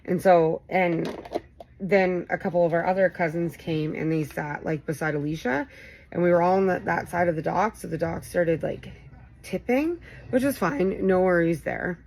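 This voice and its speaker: A woman in her thirties vlogging, telling a rambling, animated story full of fillers. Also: on the low side, moderate pace, gravelly, rough recording. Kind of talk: casual storytelling chat. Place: home, late night.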